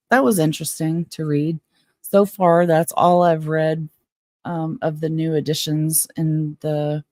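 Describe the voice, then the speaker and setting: A woman's voice: low-pitched, darkish tone, dry recording, studio quality. A woman hosting a casual live stream from home, reading a book aloud and chatting frankly with viewers. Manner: chatty, frank, quick to get worked up. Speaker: livestream host.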